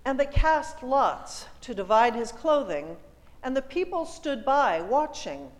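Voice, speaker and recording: Slow, deliberate woman lector in church. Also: high voice, sing-song, in a large hall, poor audio. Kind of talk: liturgical scripture reading.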